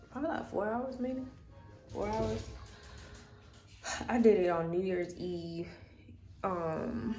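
A woman's voice: on the low side, gravelly, a little mellow. A young woman chatting casually to her viewers in a phone vlog from her bedroom, loose and slangy, swearing freely. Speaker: vlogger. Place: bedroom at home. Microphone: phone camera.

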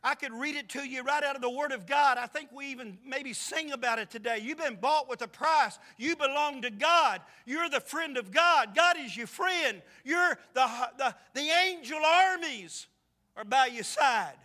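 High, bright-voiced preacher. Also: male voice, normal speed. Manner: impassioned preaching with rhetorical questions. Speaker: pastor. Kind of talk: sermon. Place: church sanctuary.

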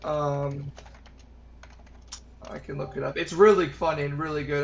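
A man's voice: a little high, steady tone, measured pace, gravelly. Rambling man on gaming voice chat. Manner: rambling, hesitant with many ums. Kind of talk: casual chat while gaming.

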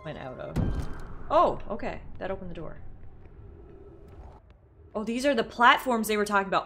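Female streamer, live game commentary, animated pitch swings, excitable and shrieky, swears a lot. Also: normal speed, pauses often, slight background noise. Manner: excitable, shrieks, laughs and swears under pressure; reads in-game text aloud.

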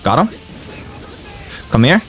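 A young man commenting on his own gameplay, excitable and slangy, often yelling and trash-talking the game as he plays. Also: takes it slowly, soft background music. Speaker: gaming streamer.

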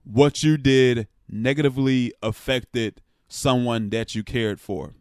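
A man's voice: mid-range voice, fairly even intonation, slow pace, no room sound, studio quality. Blunt, passionate man talking sports. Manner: blunt and frank, with profanity; passionate, rising emphasis. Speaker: sports vlogger. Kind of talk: casual opinion commentary.

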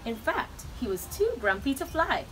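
Animated woman reading picture books aloud. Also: high-pitched, moderate pace, slight background noise, poor audio. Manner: expressive, animated storytelling. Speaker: children's story reader.

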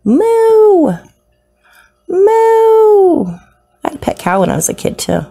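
A woman's voice: on the low side, little pitch movement, fast talker, gravelly, a little mellow, slightly rough, soft background music. A woman narrating a casual unboxing of her new pets, gushing and slipping into baby talk. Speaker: isopod hobbyist vlogger.

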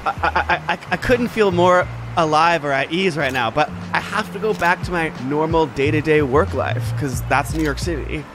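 A man's voice: a little high, normal speed, hardly any pauses, over music, lightly acted. A man playing a nervous, ordinary New Yorker in a comedy sketch, stammering and awkward. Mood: sheepish.

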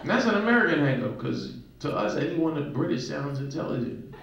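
Male stand-up comic, lively higher voice, club echo, loud audience. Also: brisk, gravelly, muffled recording, very noisy. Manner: animated storytelling with mimicked voices. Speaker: stand-up comedian. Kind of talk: stand-up routine on stage. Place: comedy club stage. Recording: roomy club sound with loud crowd, mic at a distance.

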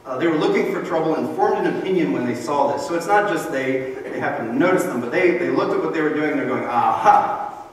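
A man's voice: a little high, expressive, fast talker, few pauses. A man preaching in a church, talking to the congregation in an easy, conversational tone. His voice comes from some distance in a big, echoing hall, and a faint hiss sits under it. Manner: conversational, explanatory, acts out quoted voices. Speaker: pastor. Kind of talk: sermon. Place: church sanctuary. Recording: roomy echo from a distant mic with faint noise.

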